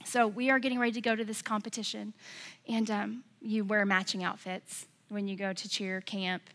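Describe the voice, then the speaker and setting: A woman's voice: medium pitch, flat delivery, moderate pace, a bit bright. A middle-aged American woman pastor preaching a sermon, telling a personal story and building to passionate exhortation.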